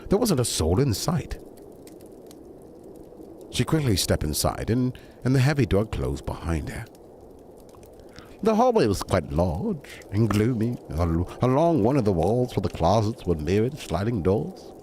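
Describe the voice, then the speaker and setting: A man's voice: lowish voice, big pitch swings, measured pace, dark tone, a little hiss or hum. A man reading a bedtime story aloud to a stream, breaking off for chatty, digressing asides.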